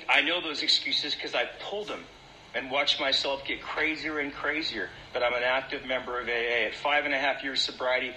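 Wry, bright-voiced man telling his story. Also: medium pitch. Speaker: AA speaker. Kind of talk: recovery meeting talk. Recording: echoey room with faint background noise.

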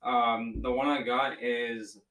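A young man on a podcast, telling a joke at a steady pace with a few small restarts. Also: medium pitch, slow. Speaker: podcast co-host. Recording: echoey room, a bit far from the mic.

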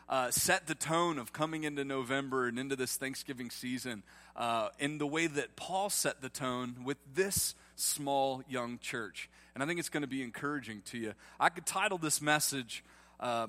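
A man's voice: mid-range voice, bright, forceful tone. A man, preaching a sermon in a livestreamed church and joking with the congregation. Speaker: pastor.

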